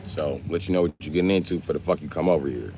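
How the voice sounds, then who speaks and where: A man talks in a deep, low register. He streams live and jokes with his viewers in a brash, profane, trash-talking way. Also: very fast, mellow, a little hiss or hum. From Milwaukee, Wisconsin. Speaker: livestreamer. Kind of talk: casual live-stream chat.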